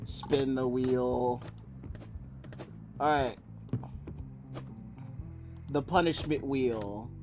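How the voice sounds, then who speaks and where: A male streamer chatting through a game, quick to laugh and easily excited. He talks at an unhurried pace over faint game music. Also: medium pitch. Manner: laughs often, excitable, talks to himself while playing. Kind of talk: casual gaming stream chat.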